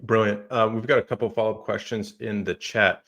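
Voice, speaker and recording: A man's voice: on the low side, fairly even intonation, fairly quick, a bit bright, lo-fi sound. A man moderating a live online Q&A on a video call, reading out audience questions in a friendly, upbeat way. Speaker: moderator and publication founder.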